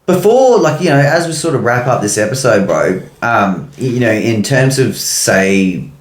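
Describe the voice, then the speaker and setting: A man's voice: mid-range voice, very animated, moderate pace, roomy sound. A man co-hosting a podcast, telling a story loosely with lots of fillers and swearing. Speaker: podcast co-host. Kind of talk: casual chat.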